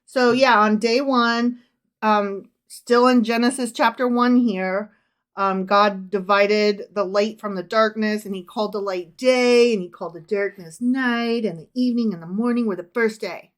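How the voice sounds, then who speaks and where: A woman's voice: mid-range voice, normal speed. A woman co-hosting a casual podcast, quizzing her husband with teasing, profane banter and reading verses aloud. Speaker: podcast co-host.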